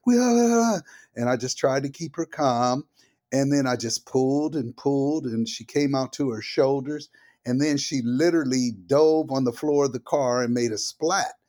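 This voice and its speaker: An older man with a voice of middling pitch tells personal stories in an interview. He is animated and vivid, and he slips into the voices of the people in his stories as he tells them. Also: normal speed. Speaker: comedian guest.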